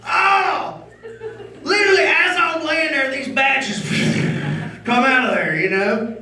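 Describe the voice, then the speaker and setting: Brash stand-up, high and lively, recorded roomy and off-mic. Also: male voice, slow. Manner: loud, rowdy, crowd-baiting, crude. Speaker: stand-up comedian. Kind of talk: stand-up comedy set. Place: comedy club stage. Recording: roomy club sound from a distance.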